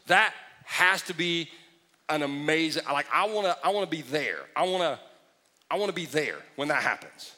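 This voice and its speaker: A middle-aged man preaches with a bright, forward tone and a fairly high voice. He keeps things animated and joking, slipping into mocking impressions. The delivery is a lively sermon. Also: normal speed. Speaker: pastor.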